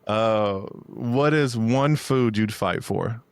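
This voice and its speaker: A man's voice: fairly low pitch, slow pace, clean tone, no echo, studio quality. A man hosting a casual podcast, easygoing, asking questions and murmuring agreement. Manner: easygoing, asks questions, lots of mm-hmms. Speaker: podcast host. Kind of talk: casual chat.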